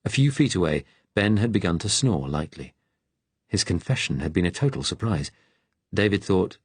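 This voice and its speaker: Deep, husky male audiobook narrator. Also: animated, normal speed, darkish tone, no echo. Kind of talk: scripted narration.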